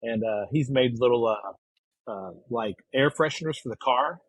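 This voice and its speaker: Husky laid-back man on a podcast. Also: mid-range voice, unhurried, no room sound, low-quality recording. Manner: laughs easily, loose and rambling. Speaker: podcast guest. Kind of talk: casual chat.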